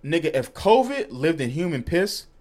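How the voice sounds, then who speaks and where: A man's voice: fairly high pitch, very animated, normal speed, darkish tone. A man from New York co-hosting a podcast, telling stories in casual chat, swearing freely and laughing through them. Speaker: podcast co-host.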